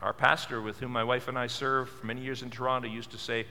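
A man's voice: medium pitch, level tone, quick pace, few pauses, pushed and bright, long reverb tail, a little hiss or hum. A male pastor preaching a sermon, earnest and full of questions, repeating words for stress. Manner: earnest, asks many questions.

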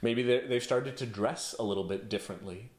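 A man's voice: mid-range voice, brisk, roomy sound. A man preaching a sermon as pastor, in a conversational storytelling way, with plenty of rhetorical questions. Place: home office.

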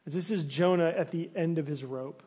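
A man's voice: fairly high pitch, moderate pace, breathy edge. A man preaching a sermon in a conversational way, asking the congregation searching questions and sometimes acting out complaints with animation. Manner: restarts and fillers, animated when acting out complaints. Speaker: pastor.

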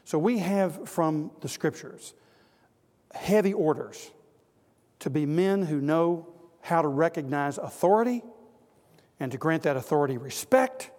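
Brief: male preacher, earnest sermon delivery, fairly high voice, long hall echo. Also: a little mellow. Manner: earnest, exhorting, builds to emphatic repetition.

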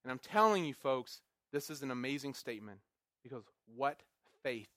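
A man's voice: mid-range voice, expressive, normal speed, sharp tone, no echo, clean studio sound. A man preaching a sermon with earnest emphasis, repeating words and building to bursts of force. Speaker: pastor.

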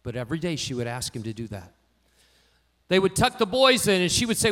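A man preaching a sermon, telling personal stories and swinging from quiet asides to louder emphatic lines. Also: sits high, sing-song, fairly quick. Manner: storytelling, varies loudness widely, rising for emphasis. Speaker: pastor.

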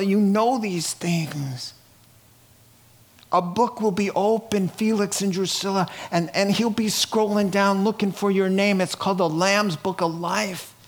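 A man preaching a sermon, swinging from hushed, quiet lines to loud, laughing outbursts. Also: high-pitched. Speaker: pastor.

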